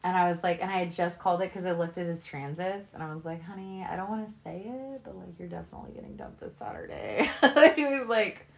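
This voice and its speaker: Her lowish voice runs fast with hardly any pauses as she co-hosts a podcast. The young woman's storytelling is animated, loose, and profane, and she laughs frequently throughout the casual conversation.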